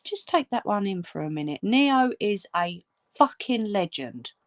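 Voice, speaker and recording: A woman's voice: mid-range voice, sing-song, measured pace, no echo, studio quality. A woman ranting angrily at viewers, swearing and scolding. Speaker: channel host. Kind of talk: angry direct-to-camera rant.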